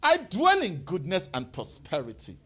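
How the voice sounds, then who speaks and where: Animated motivational speaker. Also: male voice, moderate pace. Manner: call-and-response, rising to high exclaims. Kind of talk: animated motivational talk to a live audience.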